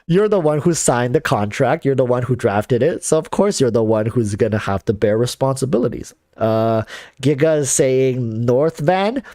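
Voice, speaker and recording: A man's voice: mid-range voice, animated, moderate pace, mellow, no echo, clean studio sound. A man chatting casually on a livestream, rambling with lots of fillers and restarts, reading viewer comments. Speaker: streamer.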